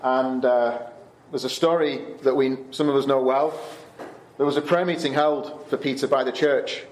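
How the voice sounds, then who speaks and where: A man's voice: mid-range voice, fairly even intonation, normal speed, reverberant, slight background noise. A man speaking as a camp speaker, giving a conversational Bible talk to teenagers, with fillers and restarts. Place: Canada.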